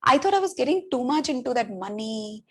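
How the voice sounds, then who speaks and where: A woman, a holistic occupational therapist, speaking as an interview guest in an animated, reflective way, with many "you know, like" fillers. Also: a little fast, husky. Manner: acts out her own inner voice with big pitch jumps.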